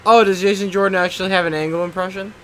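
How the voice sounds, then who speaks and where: A man's voice: high-pitched, steady tone, very fast, a bit bright, a little hiss or hum. A young man chatting casually while he live streams a game, rambling and swearing at the game now and then. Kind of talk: casual chat while gaming.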